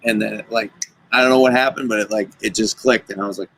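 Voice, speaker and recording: A man's voice: on the low side, quick pace, rough recording. A man, a guest wrestler, telling stories in casual chat and acting out the lines of the people in them. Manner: animated, acts out quoted dialogue.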